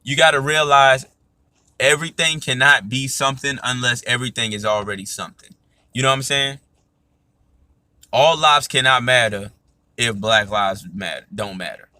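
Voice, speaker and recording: An emphatic man talks through a casual podcast monologue. His voice is bright and forceful, sits at a medium pitch, and is recorded close and dry. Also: normal speed, no room sound. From United States. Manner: emphatic, repeats "you know what I'm saying". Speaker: podcast host.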